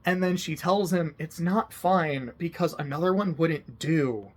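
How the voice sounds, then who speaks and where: A man's voice: sits high, lively intonation, unhurried, hardly any pauses, breathy edge. A young man talking casually about his favorite anime, emotional, laughing often and swearing now and then. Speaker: anime video host. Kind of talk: casual personal commentary.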